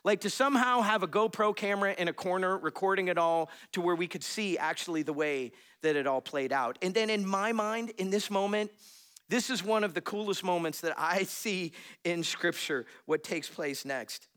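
A man preaching a sermon in a conversational, animated way, reading scripture and talking it through with frequent laughs. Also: high-pitched, moderate pace, clean tone. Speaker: pastor.

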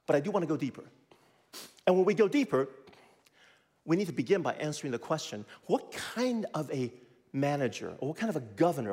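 A man preaching a sermon as a pastor, teaching in an animated way and leading the listeners to repeat after him. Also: on the high side, breathy edge, long reverb tail. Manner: animated, teaching with call-and-response.

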